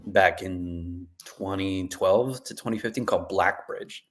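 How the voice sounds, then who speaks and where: A man hosts a podcast in relaxed, casual conversation, often chiming in with short agreeing words. His voice sits somewhat low. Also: unhurried. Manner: relaxed listener with brief agreeing interjections. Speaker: podcast host. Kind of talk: casual chat.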